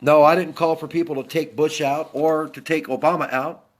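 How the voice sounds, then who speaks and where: A man's voice: fairly high pitch, steady tone, normal speed. A middle-aged man from the United States, a Navy veteran, giving a heated, blunt political rant and repeating his points.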